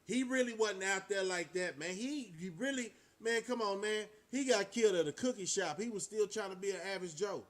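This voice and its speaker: High-pitched preachy male vlogger. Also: brisk, hardly any pauses. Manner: preachy, rhetorical questions, motivational. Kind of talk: casual monologue to camera.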